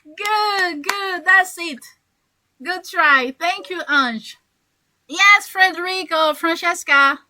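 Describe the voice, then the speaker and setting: A woman's voice: very high-pitched, slow, pushed and bright, poor audio. A woman English coach teaching a class, who encourages her learners and repeats key phrases.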